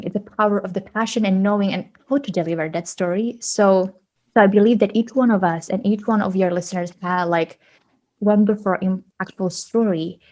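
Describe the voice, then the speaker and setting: A woman guest, telling stories in a casual podcast interview and acting out quoted dialogue with big pitch jumps. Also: dark tone. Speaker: podcast guest, autism advocate.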